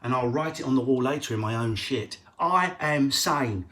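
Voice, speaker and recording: A male stand-up comedian answering viewer questions on a casual live stream, quick and profane with jokey riffs. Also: medium pitch, a little hiss or hum.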